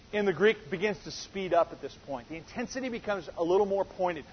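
Preacher, male, high husky voice, earnest and emphatic, dull lo-fi sound. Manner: earnest, building to emphatic quoted exchanges. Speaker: pastor. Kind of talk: sermon.

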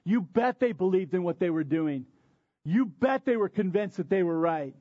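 Guy preaching a sermon, pretty high voice, lots of repeating and questions, dull dry sound. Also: animated, moderate pace, no room sound. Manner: preaching with emphatic repetition and rhetorical questions. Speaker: pastor.

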